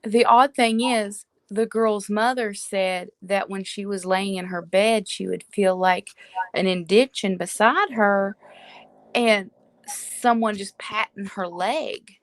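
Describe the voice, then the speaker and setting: A woman hosting a paranormal live stream, telling ghost stories in a casual, animated way and acting out the voices she quotes. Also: medium pitch, takes it slowly, dry recording. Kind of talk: casual storytelling chat.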